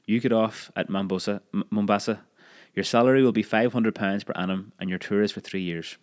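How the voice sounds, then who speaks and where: A man's voice: lowish voice, fairly even intonation, brisk, natural voice. A man reading the part of a formal, authoritative older male company director. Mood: resigned.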